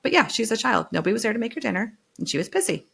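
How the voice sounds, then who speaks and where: A woman's voice: fairly high pitch, very animated, very fast, vocal fry, fairly bright tone, slightly rough. A middle-aged woman co-hosting a podcast, telling a family story in casual chat, acting out quotes and swearing freely. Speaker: podcast co-host.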